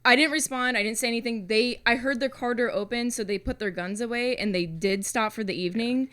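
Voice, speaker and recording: A woman co-hosting a casual podcast, telling a story in an animated way, swearing and laughing often. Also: fairly high pitch, brisk, clean tone. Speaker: podcast co-host.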